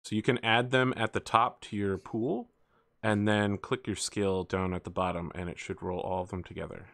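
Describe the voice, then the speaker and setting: A man running a tabletop game as game master, relaxed and joking while explaining the rules. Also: on the low side, moderate pace, no room sound, studio quality.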